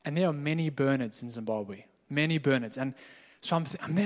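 A man's voice: mid-range voice, lively intonation, a little fast, hardly any pauses. A man preaching a sermon as a pastor, telling stories in a candid, conversational way. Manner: conversational storytelling, candid and informal. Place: church hall. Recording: echoey hall.

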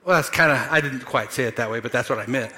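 A man preaching a sermon in church, animated and playful, acting out quotes and making asides to the congregation. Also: mid-range voice, fast talker, slight background noise. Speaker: pastor. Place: church sanctuary.

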